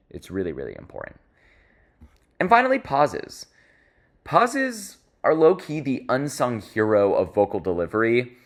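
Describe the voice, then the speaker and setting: Lively low-voiced man teaching speech. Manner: expressive, varies pace and volume for emphasis. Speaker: public speaking teacher. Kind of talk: instructional talk.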